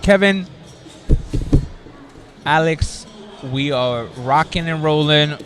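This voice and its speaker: Man, live commentator, playful and quick to laugh, slightly high voice, faint music behind. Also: fairly bright tone, a faint crowd. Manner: playful, laughs often, bouncy announcer calls.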